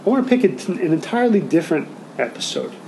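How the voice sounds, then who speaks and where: A man with a high voice preaches a sermon to his congregation. He talks conversationally and keeps asking them questions. A faint noise sits behind him. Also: very animated, fast, creaky, warm tone, rough recording. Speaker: pastor.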